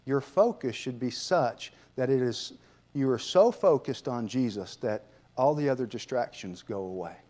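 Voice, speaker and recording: A man voicing a calm, patient male preacher who asks gentle questions. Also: mid-range voice, moderate pace, pitched below the performer's own voice, close to an everyday voice.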